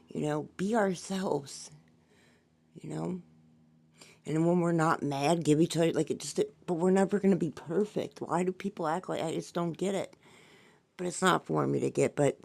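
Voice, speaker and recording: A woman's voice: low voice, creaky, a little mellow. A woman hosting her own podcast, talking in a loose, rambling way, swearing casually and musing about spiritual things. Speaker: podcast host.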